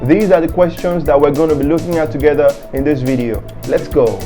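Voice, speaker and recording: A man teaching a French lesson in English, with a clear, measured delivery that repeats each example phrase. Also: on the high side, over loud music. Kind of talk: scripted language lesson.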